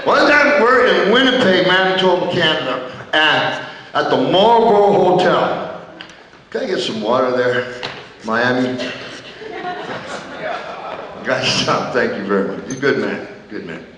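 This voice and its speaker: A man's voice: on the high side, lively intonation, measured pace, long pauses, a crowd in the background. A man acting out a one-man stage show, telling brash, profane stories about his wrestling days in a theater. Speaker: stage performer. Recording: echoey hall from far off.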